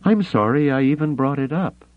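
Sharp-tongued young woman read by a man, dry teasing wit, lively tinny audiobook read. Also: medium pitch, normal speed, dry recording, voice pushed up, close to an everyday voice. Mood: wry teasing.

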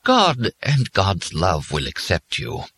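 Guy doing a slow droning machine priest in a storybook, kinda high and far-off. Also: big pitch swings, pushed and bright, exaggerated voice. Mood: solemn. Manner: slow, measured, intoning. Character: slow solemn male machine confessor.

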